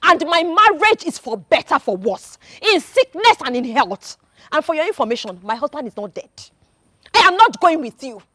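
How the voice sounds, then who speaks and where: A woman's voice: high voice, big pitch swings, normal speed, bright, forceful tone, no room sound, clean studio sound, heavily acted. An actress playing a proud young wife who fiercely defends her husband and scolds an intruder. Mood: furious. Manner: indignant, scolding, repeats accusations. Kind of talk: film drama acting.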